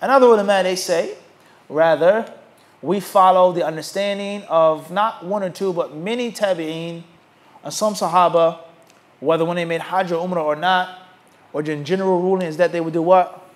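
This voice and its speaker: A man teaching a religious class, emphatic and animated, who keeps asking his listeners rhetorical questions and waits for them to answer. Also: high-pitched, moderate pace. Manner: rhetorical questions asked to the audience. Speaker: Islamic teacher.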